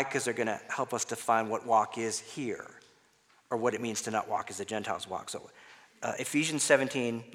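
A man's voice: mid-range voice, a bit bright. A man preaching an expository sermon as a pastor, reading scripture aloud and then explaining its words in a conversational way. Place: church sanctuary. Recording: long hall reverb.

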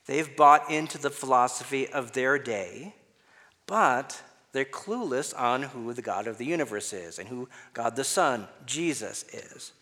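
Pastor preaching in a reverberant hall. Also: male voice, medium pitch, lively intonation, a little slow, pushed and bright. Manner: reads scripture aloud, then explains words conversationally. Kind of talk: expository sermon. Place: church sanctuary.

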